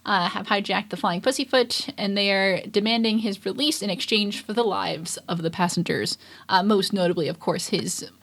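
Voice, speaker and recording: A young woman co-hosts a podcast, recapping an anime episode in a casual reaction chat. Her mid-range voice is a bit bright and moves at normal speed, and she rambles with lots of fillers and restarts.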